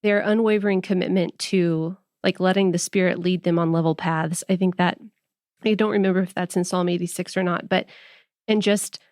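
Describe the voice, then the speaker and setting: A woman's voice: lowish voice, steady tone, moderate pace, darkish tone, dry recording, clean studio sound. A woman hosting a faith podcast, talking in a thoughtful, conversational way. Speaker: podcast host.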